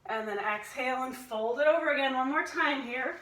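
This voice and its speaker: A woman's voice: sits high, fairly quick, a bit bright, reverberant, far from the mic, low-quality recording. A woman instructor guiding a family yoga class, playfully cueing breaths and inviting animal sounds.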